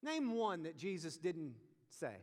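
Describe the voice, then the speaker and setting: A young man preaching with a high, lively voice that rings through a big hall. He keeps throwing questions at his audience and pushes his points home. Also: a little slow. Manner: animated, asks the audience questions. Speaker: youth pastor. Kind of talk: sermon. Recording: long reverb of a large hall.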